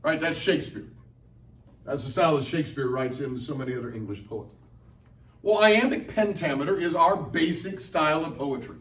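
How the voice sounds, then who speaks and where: A middle-aged man with a fairly high voice gives a playful, conversational lecture to students and keeps asking the audience questions. The mic picks him up from across the room. His voice rings around a large, echoey convention hall. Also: a little fast, a bit bright, far from the mic. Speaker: Latin teacher and translator giving a talk. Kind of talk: lively classroom-style lecture to students.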